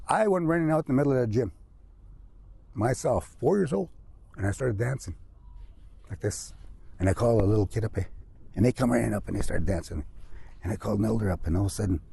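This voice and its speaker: A man's voice: medium pitch, vocal fry, mellow, slight background noise. A middle-aged man giving a casual motivational talk, often tagging his sentences with "eh" and "you know". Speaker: speaker.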